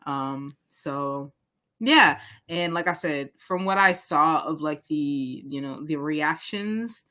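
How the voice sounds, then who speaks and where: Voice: medium pitch, slow pace, bright, forceful tone. A young adult podcast co-host from Boston, talking politics in a rambling, heated way with many restarts. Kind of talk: casual chat on local politics.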